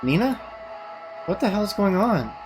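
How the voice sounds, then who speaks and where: A man's voice: high-pitched, big pitch swings, unhurried, music in the background, voice pushed up. A man reading the lines of a dazed, weary young woman aloud from a visual novel. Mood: startled.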